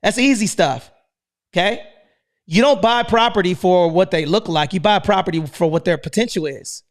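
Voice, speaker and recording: An American man hosting a live online room, talking in a hyped, loud, energetic way and saying "man" after almost every line. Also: sits high, normal speed. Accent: American English. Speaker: host.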